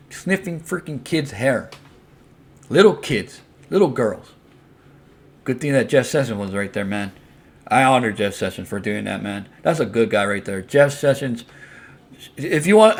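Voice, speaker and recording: A man rants in a gravelly voice, blunt and full of swearing. He hammers his points home by repeating them, in a plain, mid-pitched voice with a rough edge. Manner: blunt, profane, heated; repetitive, emphatic. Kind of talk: casual rant to the camera.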